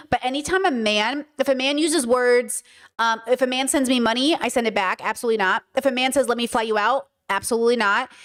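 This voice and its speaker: A woman streamer giving opinionated casual commentary, joking around with many "like" and "okay" asides. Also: a little high.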